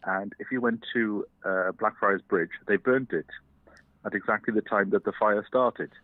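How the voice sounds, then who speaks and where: A man from London phones in, his lowish voice coming through a tinny, dry phone line. He tells his story steadily, pausing now and then to find the words. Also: dry recording. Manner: steady, anecdotal, slightly halting. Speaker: caller.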